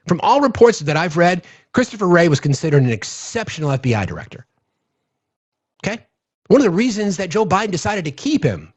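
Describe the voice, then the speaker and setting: A man's voice: high-pitched, breathy edge. A man hosting a political livestream, ranting angrily and profanely, often repeating himself as he thanks viewers. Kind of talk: angry political rant on a livestream.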